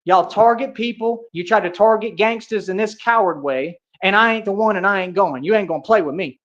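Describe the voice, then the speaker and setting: This livestreamer's voice is high-pitched and fairly bright, and he speaks a little fast. Heated and confrontational, he brags through his rant using street slang, "bro," and "real talk," all captured in dull lo-fi audio.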